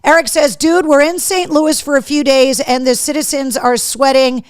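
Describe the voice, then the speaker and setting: A woman hosting a live show, chatting and reading viewer comments aloud, telling stories in an animated, profane way. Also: sits high, moderate pace, dry recording, clean studio sound. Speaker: host.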